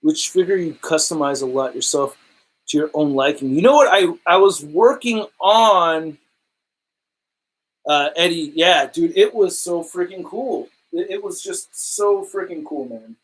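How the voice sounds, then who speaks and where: High-voiced guy rambling away on a home livestream, super excitable, lots of dude and epic. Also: measured pace, breathy edge, poor audio. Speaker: collectibles livestreamer. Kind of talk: casual livestream chat. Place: home display room.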